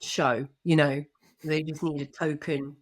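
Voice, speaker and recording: A woman's voice: deep voice, flat delivery, unhurried. A woman co-hosting a podcast in casual chat, bubbly and gushing, laughing often. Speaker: podcast co-host.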